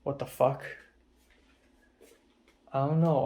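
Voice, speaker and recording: A man's voice: fairly high pitch, steady tone, takes it slowly, pauses often. Tired, stressed young man venting. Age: young adult. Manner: stressed, rambling, swearing, soft-spoken from tiredness. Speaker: vlogger. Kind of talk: confessional vlog rant. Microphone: phone camera.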